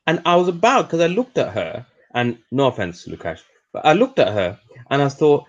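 A man's voice: mid-range voice, moderate pace. A man with an English accent, a podcast co-host telling a story in casual, chatty conversation. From England. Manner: chatty storyteller, animated when joking. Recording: lo-fi audio.

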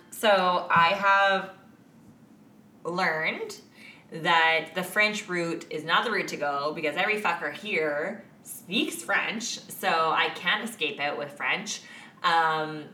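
A woman's voice: on the low side, slow, bright, forceful tone, slight background noise. A woman co-hosting a podcast in casual chat, laughing often and swearing freely. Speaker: podcast co-host. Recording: echoey room, mic at a distance.

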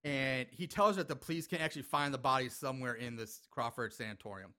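Speaking fast in a mid-range voice, this man sounds bright and forceful. He's goofing around with a co-host, recapping a horror film in a loose, laughing ramble full of filler words and a few swears.

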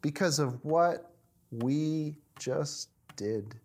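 A man voicing a cheerful, devoted male factory worker in a spoken story, speaking softly and earnestly. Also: a little high, very slow, husky, heavily acted.

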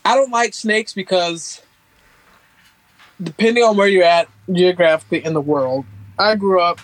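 A man's voice: sits high, normal speed, rough recording. A man from Northeast Florida in casual chat, emphatic and full of fillers.

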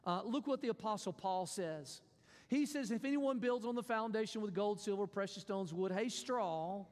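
A man's voice: high voice, normal speed, big-room sound. A man preaching a sermon as pastor, emphatic, repeating his points and acting out quotes.

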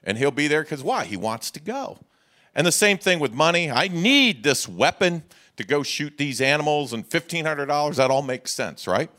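A man's voice: a little high, sing-song, moderate pace, pushed and bright. A middle-aged man, a pastor preaching a sermon with folksy humor and rhetorical questions to the congregation.

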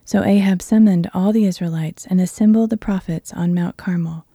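A woman reading a Bible passage aloud in a measured, earnest voice. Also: lowish voice, steady tone, warm tone, no echo, clean studio sound. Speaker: Bible reader.

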